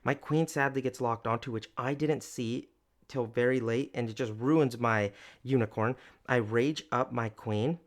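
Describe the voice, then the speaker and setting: A man giving gameplay commentary, explaining each move step by step and talking directly to his viewers in an upbeat, enthusiastic way. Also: medium pitch. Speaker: gaming video creator.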